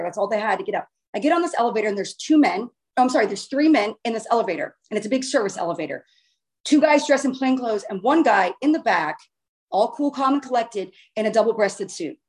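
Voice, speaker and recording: A woman casually telling a long personal story in a chatty, animated way, with the odd swear word. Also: a little high, fast.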